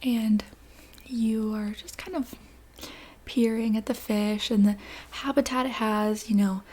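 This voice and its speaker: A woman leads a whispered role-play story in a breathy, mellow whisper. Her voice sits slightly high. She wanders gently through the scene, pausing often with soft fillers. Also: fairly even intonation. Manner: soft, meandering, with many fillers and restarts. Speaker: ASMR storyteller.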